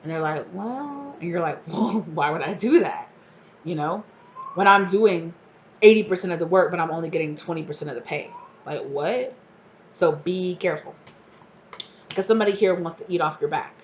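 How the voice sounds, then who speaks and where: A woman's voice: lowish voice, fairly quick, dull audio, slight background noise. A woman giving a casual tarot reading, chatting freely and acting out the people she describes in exasperated voices. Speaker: tarot reader.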